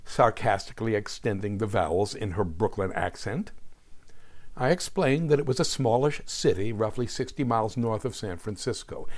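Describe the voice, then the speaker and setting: Wry, animated man in his sixties. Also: mid-range voice, normal speed. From New Jersey. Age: 60s. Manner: wry, sardonic storytelling. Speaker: podcast host. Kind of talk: scripted narration.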